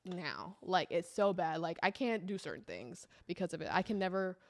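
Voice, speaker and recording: Animated young woman storyteller. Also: on the low side, normal speed, dry recording, studio quality. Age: young adult. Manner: animated, acts out quotes in voices. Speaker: guest. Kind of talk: casual podcast storytelling.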